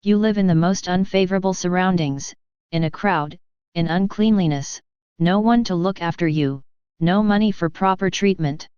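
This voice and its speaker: A woman's voice: fairly low pitch, moderate pace, darkish tone, smooth, dry recording, close to an everyday voice. A woman reading the lines of a cheerful, affectionate elderly male postmaster in an audiobook, with a hearty, coaxing manner. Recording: dull lo-fi.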